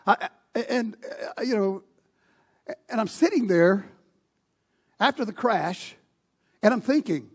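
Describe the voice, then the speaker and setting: Middle-aged male pastor, slightly raspy, lively sermon storyteller with big swings in volume. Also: high voice, slow, long pauses. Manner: animated storyteller, swings between loud outbursts and hushed lines. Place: church sanctuary.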